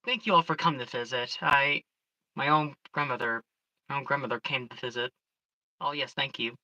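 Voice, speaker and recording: A storyteller chatting casually on a livestream, excitable and rambling, often restarting sentences. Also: medium pitch, normal speed, poor audio.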